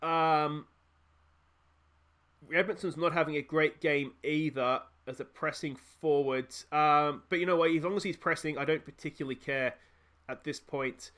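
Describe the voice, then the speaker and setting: A man with an Australian accent giving excitable let's play commentary, fretting over tactics aloud and shouting when goals go in. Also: fairly high pitch, normal speed. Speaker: gaming YouTuber.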